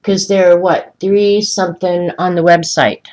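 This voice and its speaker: A woman's voice: fairly low pitch, steady tone, measured pace, darkish tone, low-quality recording. A woman hosting a casual live stream while coloring, chatting and ranting, answering viewers by name. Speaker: livestream host coloring art.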